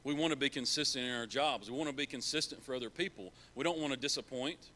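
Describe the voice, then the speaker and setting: A man's voice: mid-range voice, fast talker, sharp tone. A man preaching a sermon in a church, earnest and repeating key phrases for emphasis.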